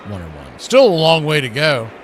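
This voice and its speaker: A man calls baseball play-by-play on the radio, chatty and folksy, tossing in asides between pitches. His voice sits a little high for a man, and a steady hiss of noise runs under it. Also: moderate pace.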